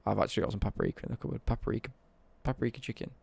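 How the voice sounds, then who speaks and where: A man's voice: medium pitch, racing, vocal fry, a little mellow, breathy edge, no room sound. A young British man ranting on a casual live stream, sweary and worked up.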